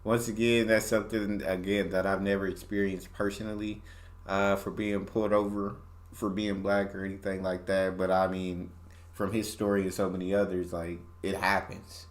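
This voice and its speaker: A man with a fairly low voice reacts to clips in loose, conversational commentary. He leans on repetition and grows heated when something bothers him. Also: flat delivery, normal speed. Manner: emphatic, repeats phrases, gets heated. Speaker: reaction video host. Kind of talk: casual commentary.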